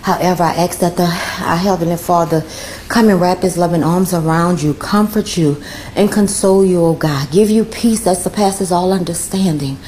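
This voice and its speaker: A woman's voice: lowish voice, normal speed, darkish tone, slight background noise. Fervent praying woman. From New Orleans. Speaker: caller. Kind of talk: call-in spoken prayer.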